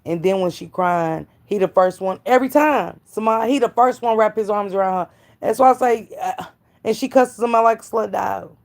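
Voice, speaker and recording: A woman's voice: mid-range voice, a little fast, creaky. Woman, mid-range voice, cussing live commentator who preaches at her viewers. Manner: blunt, profane, preachy, calls out chat viewers by name. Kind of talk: casual gossip commentary to live chat.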